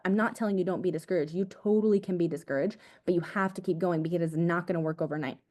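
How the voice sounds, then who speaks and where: A young woman, an agency owner, gives an energetic, casual motivational talk to her team over a video call, repeating her points and calling them "guys". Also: lowish voice, fast talker, few pauses. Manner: energetic, repetitive, casual slang like "dude" and "guys".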